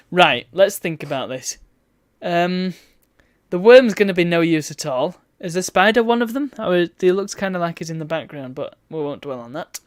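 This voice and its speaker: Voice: medium pitch, expressive, moderate pace, slight background noise. A streamer, chatting wryly and reading game text aloud while playing a retro game. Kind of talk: let's play commentary.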